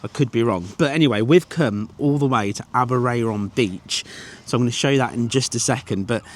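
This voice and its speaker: A man's voice: medium pitch, brisk. A man hosting a motorcycle travel vlog, chatting and teasing his passenger. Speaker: vlog host. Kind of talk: casual travel vlog chat. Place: riding a motorcycle outdoors, then on a beach. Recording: noisy outdoor wind and traffic.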